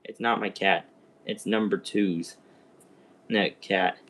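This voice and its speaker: A man voicing a tearful young man grieving a cat, speaking low and mopey, close to tears. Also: fairly even intonation, slow, a bit bright, heavily acted. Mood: sad.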